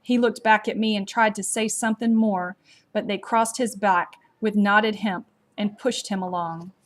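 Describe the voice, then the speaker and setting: A woman narrating a story aloud in a slow, measured, gently expressive storybook reading. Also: medium pitch, slight background noise.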